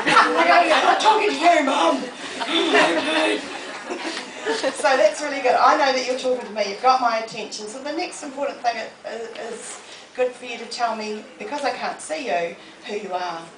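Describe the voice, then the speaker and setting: A woman, giving a lively, humorous motivational talk to a live audience in a library. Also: fairly high pitch. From New Zealand. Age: 40s. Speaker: motivational speaker. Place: public library hall. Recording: echoey room, distant mic, noisy.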